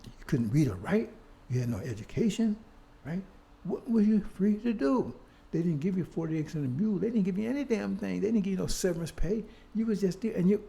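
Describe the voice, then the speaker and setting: With a high, dark-toned voice marked by vocal fry, an older history speaker gives a fiery street-style lecture. He pounds away at rhetorical questions again and again, cursing now and then.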